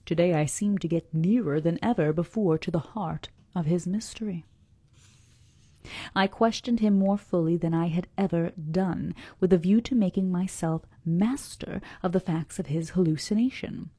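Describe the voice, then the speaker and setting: A woman's voice: on the low side, normal speed, husky, dry recording. A woman hosting a live book club, reading a classic novel aloud and stumbling now and then over names, with whispered asides and chatty comments to her viewers. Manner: drops into soft whispered asides; self-deprecating and talks straight to her viewers. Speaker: book club livestream host.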